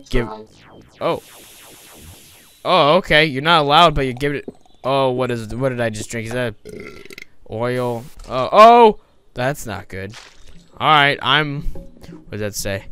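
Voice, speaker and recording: A man giving casual let's-play commentary, chatty and excitable, often breaking into surprised exclamations. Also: mid-range voice, a little slow, soft background music. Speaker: gameplay commentator.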